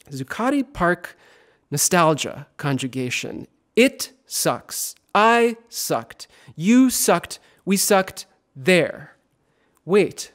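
A man performs his poems at a university reading with a high voice. His delivery is theatrical and lively, swinging from loud lines to hushed ones. He sometimes drops into chanting repeated words. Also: extremely slow. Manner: chanting repetitions. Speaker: poet. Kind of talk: poetry reading.

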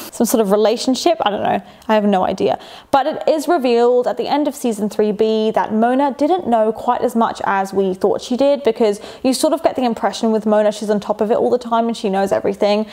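A woman's voice: a little high, warm tone. A woman talking through a casual commentary vlog in a chatty, opinionated way, asking rhetorical questions as she goes. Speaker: YouTube commentator.

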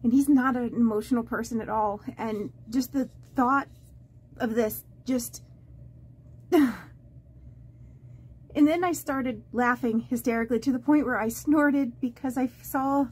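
Woman budgeting vlogger, high and unhurried, rambling with lots of ums, gushing unboxing chat. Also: darkish tone, breathy edge. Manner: halting and rambling, with many fillers and restarts; gushing and easily moved. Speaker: budgeting vlogger opening fan mail. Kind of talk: casual unboxing chat to camera.

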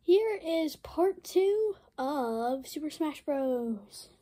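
A very high, mellow woman's voice narrates a playful game story for her channel. She talks slowly and stammers, catching on the first sounds of words before getting them out. Her pitch leaps around. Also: animated. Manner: stammers, repeats syllables. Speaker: channel host. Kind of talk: playful narrated toy play.

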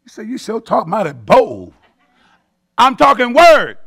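A man's voice: very high voice, wildly swooping pitch, a little slow, creaky, fairly bright tone, husky. A male pastor preaching a sermon in a rhythmic call-and-response style, chanting bold declarations to the congregation.

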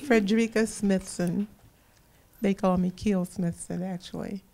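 A woman in her eighties talks in a chatty, light way. Her voice has a gravelly edge. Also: medium pitch, steady tone, a little slow, a crowd in the background. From St. Louis, Missouri. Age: 80s. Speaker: birthday guest.

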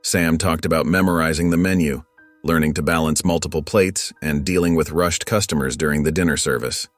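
A man narrating a scripted story in a calm, measured way. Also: very deep voice, no room sound. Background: faint background music.

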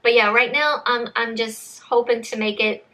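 A woman's voice: on the high side, steady tone, moderate pace, pushed and bright. A young woman chatting casually to camera as a book vlogger, rambling with frequent restarts and saying y'all.

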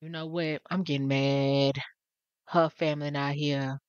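A woman's voice: low voice, a little slow, clear, resonant tone, no echo, dull audio. A woman giving casual, exasperated gameplay commentary straight to her viewers. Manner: animated, exasperated, talks to viewers.

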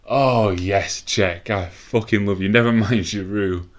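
A young man commentating a football game excitedly, nervous and swearing, with laughing bursts. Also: on the low side, measured pace. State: out of breath. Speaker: gaming commentator.

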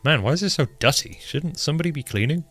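A man's voice: a little high, animated, fast talker, a bit bright, soft background music. A man giving live commentary while playing a colony game, chatty and joking, talking to his in-game characters as he goes. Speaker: game streamer.

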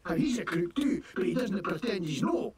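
A man's voice: sits high, expressive, normal speed, distant mic, a crowd in the background. An actor playing a shifty, indignant shopkeeper in a video game who fakes a Scottish accent and swears his way through questioning. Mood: defiant. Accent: put-on Scottish. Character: shifty male fake-Scottish shopkeeper, defiant and loud.

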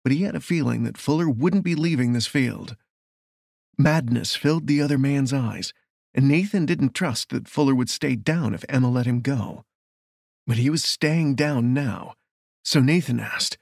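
A man reading a romance novel aloud in a steady, measured storytelling voice. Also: mid-range voice, creaky, no echo, clean studio sound. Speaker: audiobook narrator. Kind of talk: scripted romance narration.

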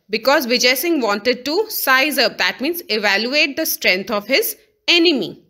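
Bright-voiced woman explaining a textbook chapter. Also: high voice, lively intonation, measured pace. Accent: Indian English. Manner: reads a line, then restates it and defines words. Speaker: English teacher.

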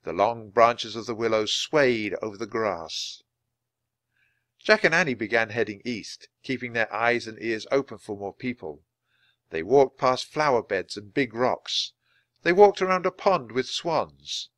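Lively male storybook narrator. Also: mid-range voice, unhurried, no room sound, clean studio sound. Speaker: storybook reader. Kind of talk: audiobook narration for language learners.

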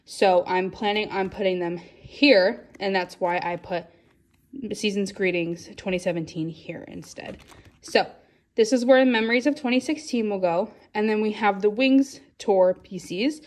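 A woman talking through her photocard collection in a casual vlog, chatty and excited, a little out of breath. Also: medium pitch, measured pace. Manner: chatty, excited, rambling with frequent restarts. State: slightly out of breath.

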